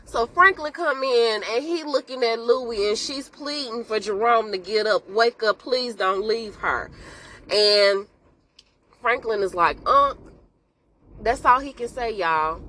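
A woman hosting a podcast, telling an episode recap in a casual, animated way and calling out to listeners, with emotional exclamations. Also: a little high, slow, poor audio. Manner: animated storytelling, addresses listeners with "y'all".

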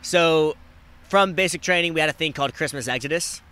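Young guy podcast host, bright and kinda high voice, animated storytelling, swears a lot, faint traffic outside. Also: a little fast. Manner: animated, acts out quoted people with big jumps in pitch and loudness; swears casually. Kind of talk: casual storytelling chat.

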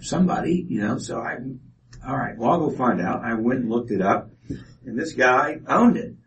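A man's voice: medium pitch, lively intonation, normal speed, a little hiss or hum. A man giving an informal testimony talk to an audience, with many fillers and restarts. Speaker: speaker presenting a ministry project. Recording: voice from a distance off mic.

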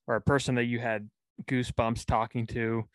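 A man's voice: medium pitch, little pitch movement, normal speed, dry recording. A man hosting an interview, asking long questions with lots of fillers. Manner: rambling, searching questions with fillers. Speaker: host. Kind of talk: casual interview.

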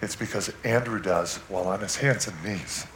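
A man preaching a sermon, telling a personal story with animated swings from loud to hushed. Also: deep voice, normal speed, reverberant, slight background noise. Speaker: guest preacher. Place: church sanctuary.

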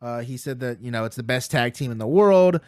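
A man co-hosting a casual wrestling podcast, telling stories excitedly, swearing freely and laughing as he goes. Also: mid-range voice, brisk, dry recording, clean studio sound. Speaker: podcast co-host.

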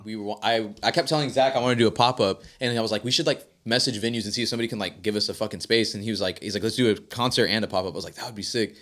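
A young man on a casual podcast, telling a story in a rapid, profane, animated way. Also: lowish voice. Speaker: podcast co-host.

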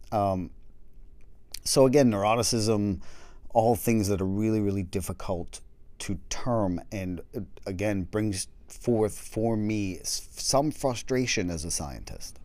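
Low-voiced rambling man, dry close sound. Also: dark tone, no echo. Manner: rambling, self-deprecating, swears casually, acts out quotes. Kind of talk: casual chat.

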